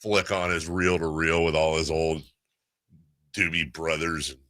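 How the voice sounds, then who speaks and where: A middle-aged man on sports talk radio with a low voice and a bright, forceful edge. He chats casually and tells animated stories, recorded close and dry in the studio. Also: measured pace, dry recording. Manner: animated storyteller, puts on voices in quotes. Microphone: studio microphone.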